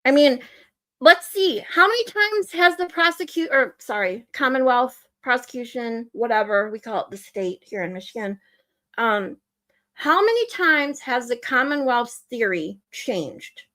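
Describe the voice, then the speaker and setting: A woman's voice: high voice, animated, measured pace, a bit bright. A woman hosting a casual livestream, ranting in exasperation while she reads and answers viewer comments. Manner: ranting, exasperated, reacting to chat. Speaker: livestream host.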